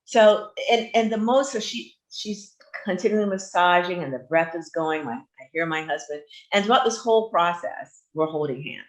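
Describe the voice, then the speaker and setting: Low-voiced woman host telling a story. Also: moderate pace, hardly any pauses. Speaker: radio show host. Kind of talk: candid storytelling chat.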